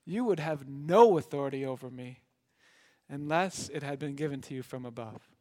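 Give me a man playing a quiet, steady condemned man, solemn and measured. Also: mid-range voice, pitched below the performer's own voice, natural voice. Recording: long hall reverb.

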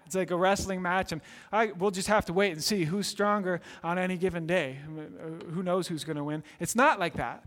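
High-voiced preacher in a reverberant hall. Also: male voice, brisk, few pauses. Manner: earnest storytelling, builds to excited peaks. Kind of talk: sermon.

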